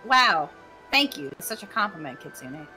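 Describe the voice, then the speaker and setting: A woman's voice: mid-range voice, sing-song, moderate pace, bright, forceful tone, soft background music, low-quality recording. A woman joining a game stream, wry and grumbling, swearing freely. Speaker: co-player on stream. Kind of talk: casual gaming stream banter.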